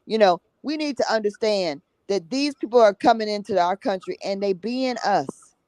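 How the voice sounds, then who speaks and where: A forceful woman guest talking in a passionate, conversational run. She speaks bluntly with salty language and keeps checking in with "okay?". Her voice sits in a middle register and sounds dry and close. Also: medium pitch, moderate pace, no echo, poor audio. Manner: emphatic, repeats herself, drops tag 'okay?'. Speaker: guest, summit organizer.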